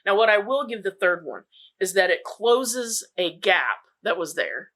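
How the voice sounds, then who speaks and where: A woman's voice: mid-range voice, big pitch swings, measured pace, a bit bright. A woman co-hosting a movie podcast, giving emphatic, opinionated criticism in casual chat. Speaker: podcast co-host.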